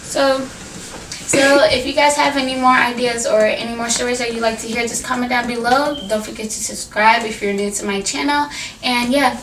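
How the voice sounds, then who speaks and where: A young woman vlogger telling a personal story in a casual, animated way, full of "like" fillers, recorded on a camera mic at home. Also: on the high side, normal speed, distant mic, background noise. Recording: echoey room, voice a bit off-mic.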